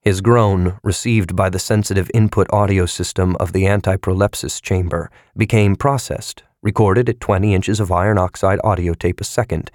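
Man narrating an audiobook, lowish voice, dry close sound, measured pace. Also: fairly even intonation, darkish tone, no echo. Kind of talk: scripted narration.

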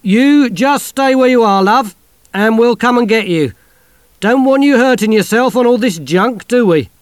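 A man's voice: very high voice, unhurried, clean tone, dry recording, pitched above the performer's own voice. A man voicing a folksy, kindly police sergeant in an audiobook. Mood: coaxing. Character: genial middle-aged police sergeant.

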